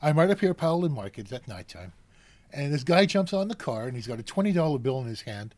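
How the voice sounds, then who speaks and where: A middle-aged cable car gripman appears as a podcast interview guest, telling stories fast in a medium-pitched voice. He's an animated storyteller who acts out the voices of the people involved.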